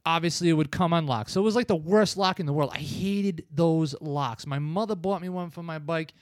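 A man's voice: on the high side, a little fast, no echo, studio quality. A man in his thirties casually reviewing an old film, rambling and acting out the scenes in voices. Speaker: podcast co-host. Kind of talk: casual movie-review chat.

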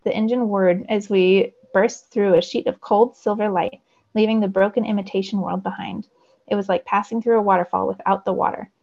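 A woman's voice: mid-range voice, brisk, creaky. A woman teacher reading a novel aloud expressively for her students, on a dull lo-fi recording. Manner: expressive storytelling.

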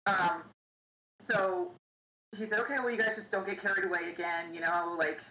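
A young woman telling her own painful story in an interview, halting and pausing often. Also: on the low side, fairly even intonation, sharp tone. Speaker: interview guest. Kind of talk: personal storytelling. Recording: echoey room with faint ambience.

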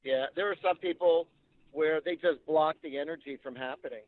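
A man's voice: a little high, moderate pace, dry recording. A man working as a psychic medium, telling stories in an interview and acting out the people he quotes. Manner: animated anecdotal storytelling, acts out quotes. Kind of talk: storytelling interview. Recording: tinny phone-like line.

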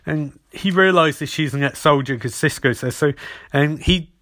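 A young man recapping and reviewing a TV episode in a casual, animated way, swearing freely. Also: fairly high pitch, moderate pace.

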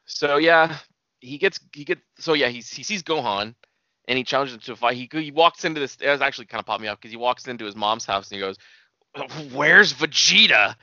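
A man's voice: medium pitch, fast, sharp tone, no room sound, lo-fi sound. A man chatting casually as a co-host, laughing often and swearing freely as he retells scenes. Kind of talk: casual chat.

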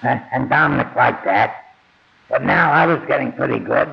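Older man, very gravelly voice, blunt memoir storytelling, dull lo-fi sound. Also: medium pitch, moderate pace. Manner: plain-spoken, blunt, swears casually. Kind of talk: first-person memoir storytelling. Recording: dull lo-fi audio.

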